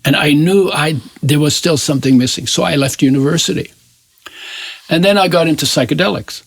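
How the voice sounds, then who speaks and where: An older man in his eighties with a husky, slightly raised voice, speaking as an interview guest. He recounts his past thoughtfully and searches for words, often leaving sentences hanging. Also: on the high side, a little fast, no room sound. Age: 80s. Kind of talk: reflective personal storytelling in an interview.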